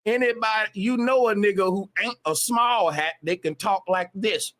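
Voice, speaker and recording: A man's voice: high-pitched, moderate pace, a bit bright. A man on a livestream, ranting emphatically with a lot of profanity and repetition. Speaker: live streamer. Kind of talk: casual livestream rant.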